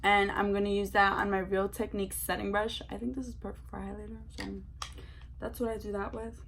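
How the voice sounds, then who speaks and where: A young woman chatting excitedly as a beauty vlogger while doing her makeup, full of slang and filler words. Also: medium pitch, a little fast, creaky, slight background noise.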